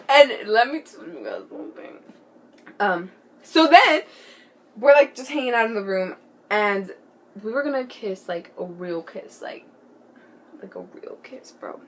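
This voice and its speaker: Giggly, bright-voiced teenage girl vlogger. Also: fairly high pitch, slow, pauses often. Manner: excitable, giggly, lots of "like" and "bro", drops to a whisper. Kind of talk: casual storytime vlog.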